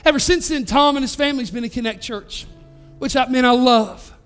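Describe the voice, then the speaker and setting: A male pastor with a very high speaking voice preaches through a story. He talks earnestly and conversationally, often restarting his phrases, and faint music sits behind him. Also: a little fast, a bit bright, clear, resonant tone. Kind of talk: storytelling sermon.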